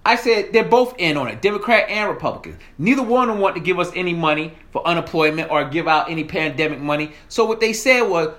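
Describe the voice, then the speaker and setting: A man's voice: high voice, lively intonation, fairly quick, hardly any pauses, a bit bright. A man from the South, delivering a heated, profane political rant straight to his audience. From American South. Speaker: political commentator. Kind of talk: ranting monologue.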